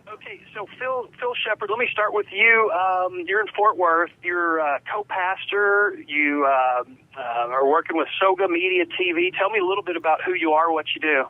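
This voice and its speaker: A man's voice: high-pitched, moderate pace. A man hosting a casual radio talk show, chatty and rambling, repeating his words while still getting over a sinus infection. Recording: phone-quality radio audio.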